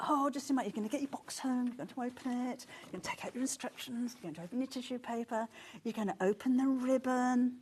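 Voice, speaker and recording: A woman presenting a live shopping channel, chatty and excitable, often gasping and laughing as she talks. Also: a little high, quick pace, slightly rough. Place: TV studio.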